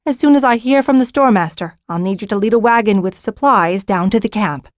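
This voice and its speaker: A woman's voice: medium pitch, a little fast, dry recording, studio quality, pitched above the performer's own voice, natural voice. A woman reading an audiobook, voicing a commanding young noblewoman who speaks sternly and with authority. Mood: brisk. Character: commanding young noblewoman taking charge of a hold.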